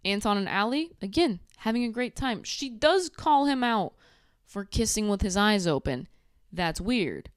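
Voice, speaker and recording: A young woman with a lively, bouncing voice, recapping a dating show with sarcastic, animated commentary. She often slips into quick impressions of the people on the show. The sound is close and dry, with no room in it. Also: mid-range voice, no echo. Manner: sarcastic, animated, acts out quotes.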